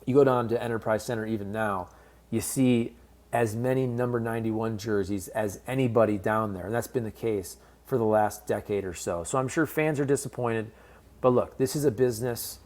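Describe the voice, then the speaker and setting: A St. Louis-based sports commentator gives casual, candid commentary on a hockey trade, speaking directly to fans in a conversational way. His voice is lowish and darkish, at a moderate pace.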